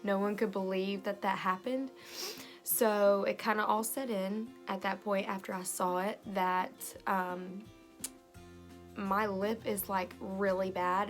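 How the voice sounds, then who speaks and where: Young woman doing a storytime on her phone, lots of "like" and "um", soft music under it. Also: mid-range voice. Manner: fillers and lively retelling with quoted voices. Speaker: vlogger. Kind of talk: storytime vlog.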